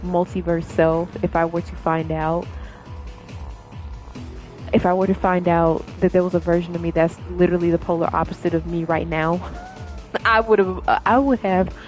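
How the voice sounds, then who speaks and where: A woman's voice: fairly low pitch, level tone, normal speed, soft background music. A young woman streamer chatting casually with her viewers, laughing often and rambling with many fillers. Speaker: gaming streamer.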